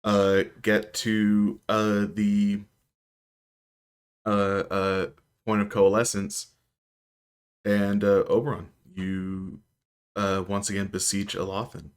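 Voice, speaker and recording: A man narrating as game master of a tabletop game, in a calm, measured way. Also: lowish voice, smooth.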